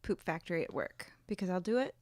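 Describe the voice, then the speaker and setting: A woman's voice: fairly low pitch, sing-song, quick pace, a little mellow, dry recording, clean studio sound. A woman from Alabama, co-hosting a podcast, telling a rambling story in casual chat and laughing often. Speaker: podcast co-host.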